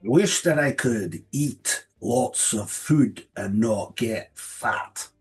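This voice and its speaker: Husky London man, hesitant. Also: medium pitch, animated, extremely slow, faint music behind. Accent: London English. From London, England. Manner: hesitant, many fillers and restarts. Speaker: guest. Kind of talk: casual interview chat. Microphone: video call.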